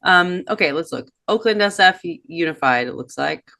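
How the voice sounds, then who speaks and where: A woman's voice: fairly low pitch, expressive, moderate pace, vocal fry, pushed and bright, no echo, clean studio sound. A woman in her thirties co-hosting a podcast in casual chat, reflective and reading from old notes with many fillers. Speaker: podcast co-host.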